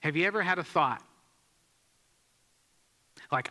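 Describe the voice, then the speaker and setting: A man with a fairly high, very bright voice preaches to his church and tells a story in an easy, conversational way. He asks the congregation questions as he goes. The sound carries a long reverb from the hall. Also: a little slow. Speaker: pastor. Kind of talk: sermon. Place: church sanctuary.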